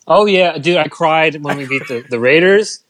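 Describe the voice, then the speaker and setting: A man's voice: a little high, normal speed, fairly bright tone, no room sound. A man co-hosting a casual podcast, telling rambling stories and laughing often. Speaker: podcast co-host.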